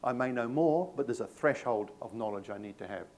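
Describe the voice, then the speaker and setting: This middle-aged workshop presenter, who has a New Zealand accent, talks a little fast with a darkish tone as he conducts a live staff training. Addressing the audience at a medium pitch, he stays conversational and shares anecdotes that poke fun at himself.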